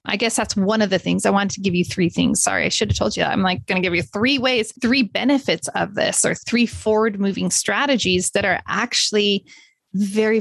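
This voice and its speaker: A woman's voice: mid-range voice, gravelly, a bit bright, no echo. A middle-aged woman hosting a solo podcast, chatty and encouraging, sometimes laughing at herself. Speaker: podcast host. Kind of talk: casual solo podcast talk.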